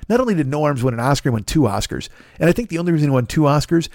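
A man's voice: fairly high pitch, rapid-fire, gravelly, no echo, clean studio sound. A middle-aged man doing a profane, rambling comedic rant as a podcast host, acting out the people he quotes. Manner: profane, rambling, animated, acts out quoted voices.

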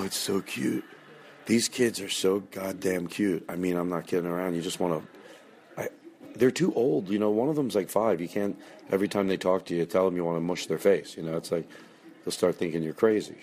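Deep-voiced man rambling on a podcast. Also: darkish tone. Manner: rambling and self-interrupting, swears casually. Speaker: podcast host. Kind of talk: casual rambling chat.

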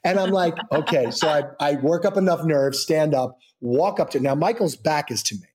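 A middle-aged man, a soap actor being interviewed, telling anecdotes casually and acting out the people in them with lively, raised voices. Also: normal speed. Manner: animated storyteller, acts out quoted voices in high pitch. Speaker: soap opera actor guest.

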